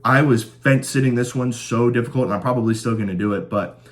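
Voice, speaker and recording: A man's voice: medium pitch, fast talker. A man hosting a casual fight-predictions show, talking enthusiastically and rattling off stats as he makes his picks. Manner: chatty, stat-heavy, enthusiastic. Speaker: host of a fight-predictions channel.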